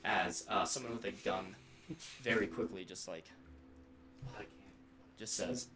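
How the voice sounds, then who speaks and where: A man with a low voice narrates a tabletop role-playing game as game master, painting each scene quickly. He sounds like he is in an echoey room. Steady background noise runs behind him.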